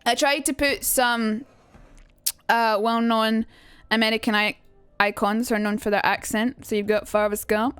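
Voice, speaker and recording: A young woman with a Scottish accent chatting casually on a live stream, quick and swearing now and then. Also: on the high side, steady tone, a bit bright, clean tone, no echo. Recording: dry room, faint music.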